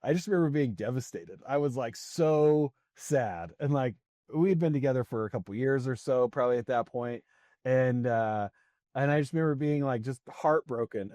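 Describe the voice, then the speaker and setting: Mellow-voiced chatty man telling a story. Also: mid-range voice, no room sound, studio quality. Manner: chatty, laughs often, many fillers. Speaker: podcast guest, sales coach. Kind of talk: casual storytelling conversation.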